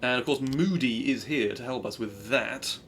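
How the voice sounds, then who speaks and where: A man's voice: mid-range voice, moderate pace, a bit bright, slight background noise. A man chatting upbeat through a live speedrun, cheering his own progress and making asides to his stream viewers. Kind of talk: live gameplay commentary.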